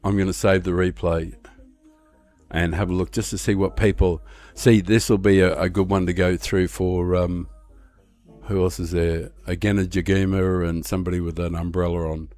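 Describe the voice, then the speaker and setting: An Australian man chats casually on a live stream as he plays a racing game, rambling in a relaxed way with plenty of hesitations. His voice sits low and he speaks at a moderate pace.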